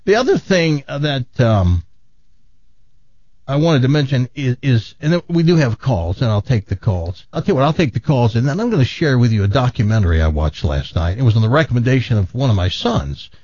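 A man hosting a call-in radio talk show, wry and deadpan, his broadcast sound a little muffled. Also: mid-range voice, fairly quick, no echo.

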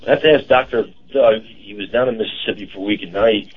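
Low-voiced man on lo-fi radio. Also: breathy edge. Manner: halting, many fillers, chatty. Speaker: radio co-host and car dealer. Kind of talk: casual radio chat. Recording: dull lo-fi radio broadcast.

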